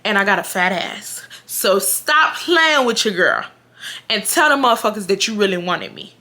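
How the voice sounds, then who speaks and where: Bright, animated young woman telling a story. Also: mid-range voice, moderate pace. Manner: blunt, profane, animated storytelling that addresses viewers directly. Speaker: vlogger. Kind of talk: storytime vlog.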